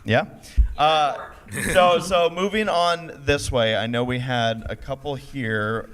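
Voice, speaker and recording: A man hosting a convention panel, joking in a slow, halting way. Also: mid-range voice, fairly bright tone, smooth. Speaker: podcast host moderating a panel. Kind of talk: casual panel chat.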